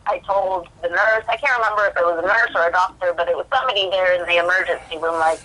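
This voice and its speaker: A woman's voice: on the low side, fairly even intonation, fast talker, bright, forceful tone, low-quality recording. A woman, a podcast guest speaking from prison, telling her own story candidly with many fillers and restarts, acting out what she thought at the time. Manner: rambling, filler-heavy, reenacts her own past thoughts in quotes.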